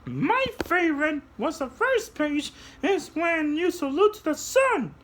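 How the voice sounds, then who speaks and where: A man voicing an excitable little female cat puppet with a squealy, eager, bouncy manner. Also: very high-pitched, a little slow, slight background noise, pitched above the performer's own voice, full character voice.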